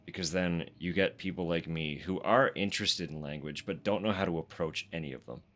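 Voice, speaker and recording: A Canadian man with a very low voice, streaming a horror game live. He reads the game's lore text aloud between chatty, self-deprecating asides, swearing freely and laughing often. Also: brisk, fairly bright tone.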